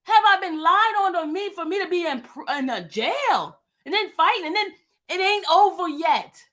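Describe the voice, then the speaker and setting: Woman in her 50s, super high voice, venting hard, repeats herself a lot. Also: lively intonation, moderate pace, a bit bright. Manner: emphatic, repetitive, venting. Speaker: vlogger. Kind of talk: impassioned monologue.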